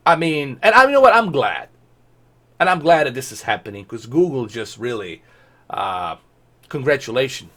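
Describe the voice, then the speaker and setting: Exasperated ranting man, lively pitch. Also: normal speed, a little hiss or hum. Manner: sarcastic, exasperated, animated ranting. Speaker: gaming commentator. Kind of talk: ranting commentary vlog.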